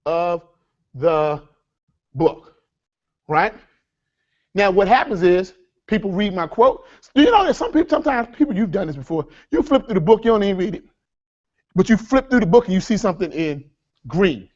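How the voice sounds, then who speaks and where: A man leading a live workshop seminar, energetic and repetitive, with a preacher-like cadence as he addresses the audience as folks. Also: sits high, moderate pace, long pauses, lo-fi sound. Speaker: workshop speaker.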